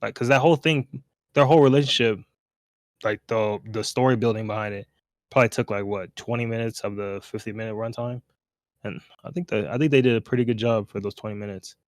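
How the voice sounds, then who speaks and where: A podcast co-host chatting casually, rambling with lots of fillers. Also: male voice, fairly low pitch, fairly even intonation, a little fast, no echo. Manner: rambling, fills gaps with "like" and "uh". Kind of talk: casual chat.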